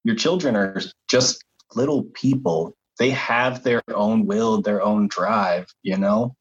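A man talking casually and reflectively, with a low and somewhat husky voice, swearing now and then. His audio sounds dull and lo-fi, as if the high end has been cut off. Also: slow pace. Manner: thoughtful, casual, some swearing. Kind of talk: casual chat.

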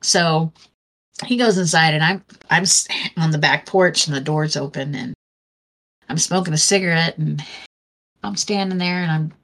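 A woman with a fairly low voice chats casually and spins a long, rambling anecdote. She acts out what each person in it said as she goes. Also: moderate pace, a bit bright. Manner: rambling storyteller who acts out quoted dialogue. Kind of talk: casual conversation.

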